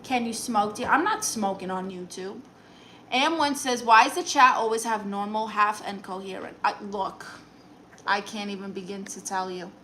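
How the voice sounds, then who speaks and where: A woman's voice: mid-range voice, normal speed, a bit bright, a little hiss or hum, poor audio. A woman streaming live in a comic aunt persona, reading chat messages aloud and firing back sassy, dry comebacks.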